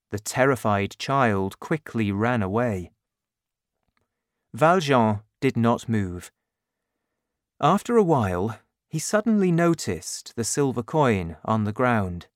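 Slow, expressive storybook narrator. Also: medium pitch, no room sound, clean studio sound. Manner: slow, expressive, clearly paced reading.

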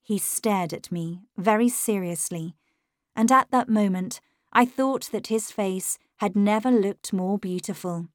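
A woman reading a first-person story aloud in a measured, clear way. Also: medium pitch, dry recording, studio quality. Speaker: narrator.

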